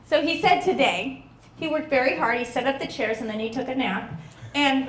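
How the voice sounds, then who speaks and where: A woman's voice: high-pitched, moderate pace, echoey room, noisy background. A woman doing stand-up comedy at a backyard show, telling stories and acting out the people in them with voice changes. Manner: animated, acts out quoted people with voice changes.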